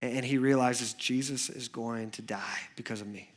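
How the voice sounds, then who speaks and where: A male youth pastor preaching a sermon in a church, telling the story in a storytelling way that moves between hushed moments and lively ones. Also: medium pitch, normal speed.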